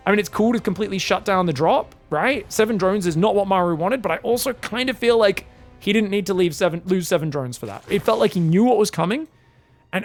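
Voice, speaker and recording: High-voiced excitable male game caster. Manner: excitable, jokey, rambling asides. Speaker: esports caster. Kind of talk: live game commentary.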